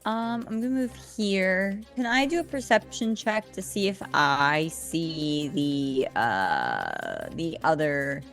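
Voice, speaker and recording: A woman's voice: low voice, huge pitch swings, slow, few pauses, fairly bright tone, soft background music. A woman playing a tabletop game, eager and chatty. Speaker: player.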